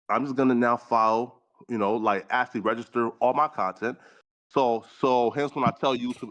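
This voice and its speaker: A man in casual podcast chat, talking at a middling pitch. He rambles, circling back on himself with filler words and plenty of slang and profanity. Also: normal speed, lo-fi sound. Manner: rambling, full of fillers like "right" and "you feel me". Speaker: guest on a podcast panel.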